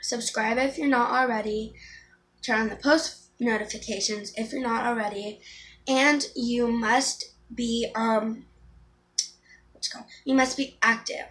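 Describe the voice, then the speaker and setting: A woman's voice: a little high, steady tone, unhurried, fairly bright tone, slight background noise. Chatty teenage girl doing a makeup tutorial. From Florida. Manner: chatty, rambling, with frequent ums and restarts. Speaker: beauty vlogger. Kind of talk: casual makeup tutorial chat.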